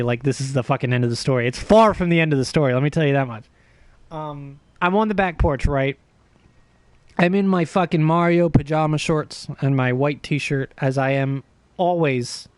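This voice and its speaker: A man livestreaming, telling a long story in a profane, animated, self-mocking way. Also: a little high, dry recording. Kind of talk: casual storytelling stream chat.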